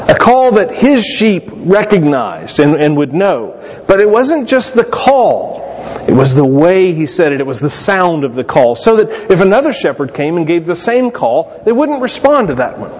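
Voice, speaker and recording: A man preaching a sermon as pastor, telling stories with lively jumps in pitch. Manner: animated storytelling with sudden rises in pitch. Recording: dull lo-fi sound in a reverberant hall.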